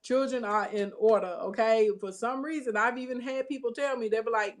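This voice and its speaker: A woman telling a story in a casual monologue, emphatic and sassy, often checking in with her listeners. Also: a little fast. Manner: emphatic, sassy, with frequent "okay?" check-ins; says she has bass in her voice. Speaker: online business coach and vlogger.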